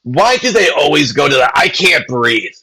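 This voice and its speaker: A man's voice: fairly high pitch, big pitch swings, moderate pace, bright, forceful tone, husky, low-quality recording. A man hosting a podcast in casual, blunt chat, swearing freely and laughing often. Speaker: podcast host.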